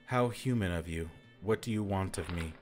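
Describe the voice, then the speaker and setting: A man's voice: deep voice, normal speed, soft background music, close to an everyday voice. A man reading the part of a scheming male emperor, coaxing and mocking. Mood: teasing.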